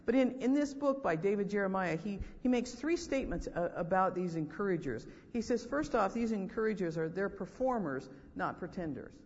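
A man giving a sermon as a school chapel speaker, telling stories in an animated way and acting out what people said. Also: high voice. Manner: animated storytelling with acted-out quotes. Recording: dull lo-fi hall recording.

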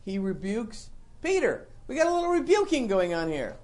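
A woman preaching a sermon in an animated storytelling manner, acting out the scenes she describes. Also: mid-range voice, moderate pace.

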